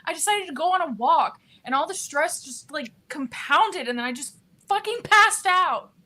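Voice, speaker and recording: A woman's voice: sits high, expressive, moderate pace, sharp tone, voice pushed up. A woman playing a rattled young heiress who talks in an overwrought, theatrical way. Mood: distraught.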